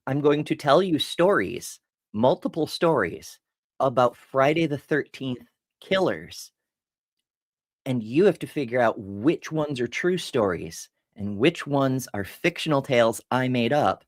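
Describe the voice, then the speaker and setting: Lively rambling woman live-stream host. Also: extremely low pitch, unhurried, no room sound, studio quality. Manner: rambling, self-interrupting, laughs often. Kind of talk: casual live-stream storytelling.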